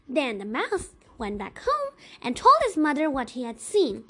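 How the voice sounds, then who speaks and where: A woman reading folktales aloud as a storyteller, gentle and expressive. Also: high-pitched, moderate pace, hardly any pauses.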